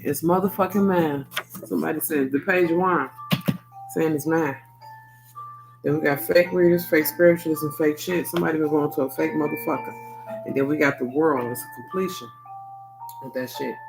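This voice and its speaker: Brief: male tarot reader, slightly high, gravelly voice, loose and profane, keeps asking "okay?". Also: low-quality recording. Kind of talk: casual tarot reading.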